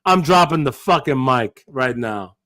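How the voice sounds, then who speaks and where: A man's voice: mid-range voice, animated, unhurried, fairly bright tone, dry recording. A man bantering on a podcast with brash, crude, emphatic jokes. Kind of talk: casual banter.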